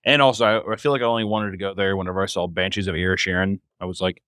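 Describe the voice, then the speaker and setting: A man's voice: low voice, steady tone, racing, fairly bright tone, clean tone, no room sound, clean studio sound. A man co-hosting a comedy podcast, teasing his partner with sarcastic jabs. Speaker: podcast co-host. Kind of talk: casual comedic chat.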